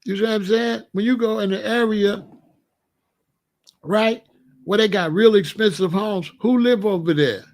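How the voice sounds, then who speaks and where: Man, gravelly voice, a bit high, slangy animated commentary. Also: a little slow, long pauses. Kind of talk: casual commentary.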